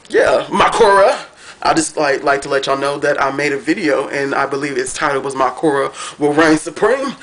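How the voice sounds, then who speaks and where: A man excitedly reviewing a cartoon finale at home, gushing and rambling with lots of fillers. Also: on the high side.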